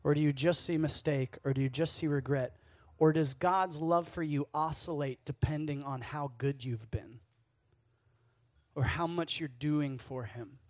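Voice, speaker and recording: A man giving a casual, conversational sermon at a youth camp, playful and quick to act out the lines he quotes. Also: mid-range voice, no echo.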